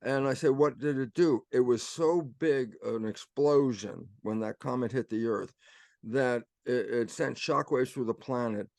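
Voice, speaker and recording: Older man, animated storyteller. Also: medium pitch, measured pace, vocal fry, dry recording, studio quality. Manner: animated storyteller acting out both sides of imagined exchanges. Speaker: guest. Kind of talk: casual conversational explanation.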